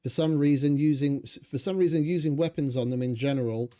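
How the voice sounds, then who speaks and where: A man's voice: a little high, fairly quick, mellow. A young man giving rambling, sarcastic, swearing commentary over his gameplay. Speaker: gaming channel host.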